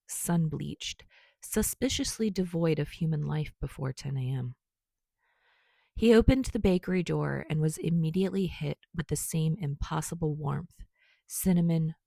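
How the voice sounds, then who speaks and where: A woman reading fan fiction aloud as a podcast narrator, in calm, even storytelling. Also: deep voice, gravelly, no echo, clean studio sound. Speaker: podfic reader.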